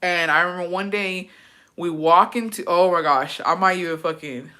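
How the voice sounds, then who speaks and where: A woman's voice: on the low side, steady tone, normal speed, pushed and bright, slight background noise. A young woman casually telling a personal story, swearing often and getting emotional. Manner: profane, emotional, tearful at times. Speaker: vlogger.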